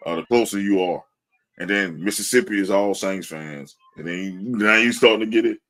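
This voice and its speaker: A man co-hosting a sports podcast, animated and laughing as he mocks fans' takes. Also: lowish voice, fairly quick, low-quality recording. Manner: animated, laughing, mock-quoting fans. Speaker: podcast co-host. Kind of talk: casual sports talk.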